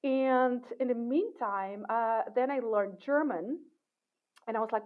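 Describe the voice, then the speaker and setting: Woman with a high voice on a tinny call line. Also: unhurried. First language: not English. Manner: thoughtful, with many fillers and restarts. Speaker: assistant professor, guest. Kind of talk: casual interview talk.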